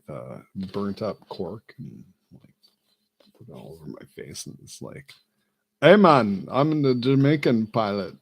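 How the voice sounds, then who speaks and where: A man talking through a rambling comic monologue. He is self-amused and halting, with lots of fillers and restarts. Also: deep voice, gravelly, darkish tone, breathy edge. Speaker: vlogger.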